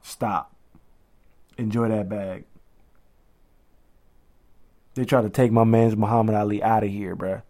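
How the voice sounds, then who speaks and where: A young adult man co-hosting a podcast in casual chat, slangy and animated, often quoting others in voices. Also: lowish voice, normal speed. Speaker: podcast co-host.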